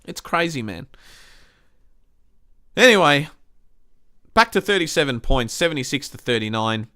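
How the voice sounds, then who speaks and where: A man's voice: fairly high pitch, sing-song, a little slow, sharp tone. Man w/ australian accent, podcast host going off about the footy, lots of swearing, voice jumps all over. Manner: heated, sweary, exasperated ranting. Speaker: podcast host reviewing a football match. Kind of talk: casual ranting match review.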